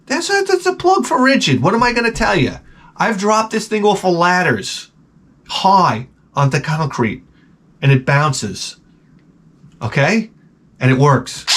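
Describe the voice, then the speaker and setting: Middle-aged man, casual vlogger, profane and animated ranter, slightly high voice. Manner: profane, animated, ranting with put-on exasperated quotes. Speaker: vlogger showing garage sale finds. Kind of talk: casual storytelling vlog.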